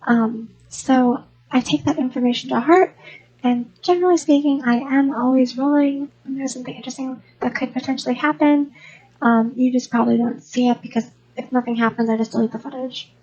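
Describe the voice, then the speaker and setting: High-pitched chatty woman rambling. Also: steady tone, brisk, warm tone, slightly rough, highs cut off. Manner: rambling, chatty, many restarts. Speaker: gaming channel host. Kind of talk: unscripted rambling voice-over over a speedbuild.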